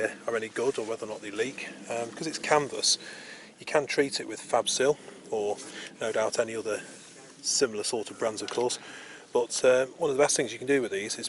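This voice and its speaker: A man's voice: mid-range voice, a little hiss or hum. A man vlogging casually from a campsite, rambling with lots of ums and uhs. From England. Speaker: camping vlogger. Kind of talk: casual outdoor vlog. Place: campsite outdoors.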